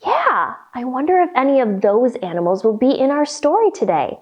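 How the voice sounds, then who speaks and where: A woman yoga instructor leading a children's yoga storytime, reading a picture book in a gentle, playful, instructive way. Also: high-pitched, sing-song, moderate pace, husky.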